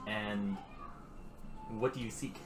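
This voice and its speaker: A man running a tabletop game as game master, asking measured, formal questions. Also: lowish voice, fairly even intonation. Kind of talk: narrating and voicing an interviewer in a tabletop game. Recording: echoey room with music.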